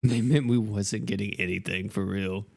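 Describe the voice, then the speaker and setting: A man's voice: lowish voice, fairly even intonation, normal speed, vocal fry, darkish tone. Exasperated man chatting to his stream. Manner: rambling, exasperated, talks straight to chat. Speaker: game livestreamer. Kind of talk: casual live-stream chat with viewers.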